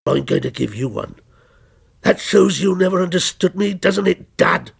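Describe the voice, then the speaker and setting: A man's voice: sits high, animated, normal speed, vocal fry, slightly rough, heavily acted. A man voicing a cold, taunting policeman. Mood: menacing. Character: menacing male policeman, a vengeful character come alive.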